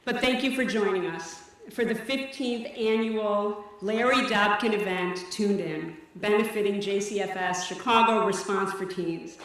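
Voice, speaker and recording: Woman, program director, earnest measured speech, mid pitch, heavy hall echo, far from the mic. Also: fairly bright tone. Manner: earnest, measured, slightly breathless delivery. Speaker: director of a teen services program. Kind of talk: formal benefit event speech. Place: event stage in a large hall.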